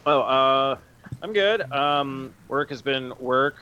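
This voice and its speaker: A man chatting casually on a podcast, telling animated stories and acting out the people in them. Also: mid-range voice, slow pace, smooth, lo-fi sound. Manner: animated storyteller, acts out other voices. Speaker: podcast co-host. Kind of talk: casual chat.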